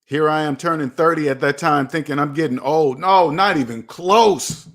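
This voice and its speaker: A personal finance video host gives a motivational monologue to camera, lecturing himself about money. His voice is fairly high and fairly bright, and he moves at a moderate pace. Preachy and repetitive, he addresses himself by name.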